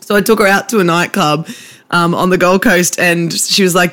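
Brief: high-pitched australian bloke, self-mocking sports-podcast storyteller. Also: male voice, normal speed, fairly bright tone. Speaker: podcast co-host. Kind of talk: casual banter, storytelling.

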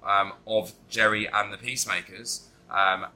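Bright-voiced man, rambling jokes. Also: on the low side, level tone, unhurried, rough recording. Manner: rambling, jokey, swears. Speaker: podcast host. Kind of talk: casual chat.

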